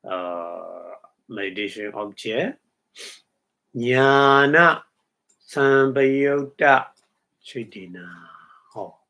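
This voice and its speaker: A man giving a Buddhist dharma talk as a meditation teacher. He speaks haltingly, chants Pali terms and then explains each one, and checks in with his listeners through short hums and questions. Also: mid-range voice, a bit bright, highs cut off.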